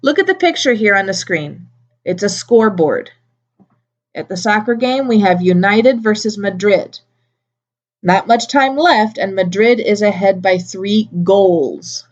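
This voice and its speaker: A woman teaching English to adult learners, repeating each word slowly and clearly, with small playful asides. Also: medium pitch, lively intonation. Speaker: ESOL teacher. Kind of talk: slow, clearly enunciated classroom teaching. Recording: slightly dull lo-fi recording.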